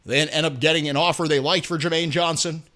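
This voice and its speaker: A man hosting sports talk, ranting with sarcastic energy. His voice sits high and sounds bright and forceful. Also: steady tone, quick pace. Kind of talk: opinionated sports commentary.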